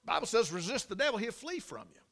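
A preacher, a man with a very high voice and a bright, forceful edge. He preaches in a folksy storytelling way, swinging from quiet asides up to full shouts. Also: very animated, fast talker. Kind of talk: sermon.

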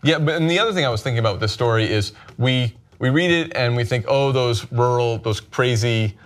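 A man's voice: mid-range voice, lively intonation, quick pace, a bit bright. A man hosting a casual panel chat show, rambling with frequent restarts and asides. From United States. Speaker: host.

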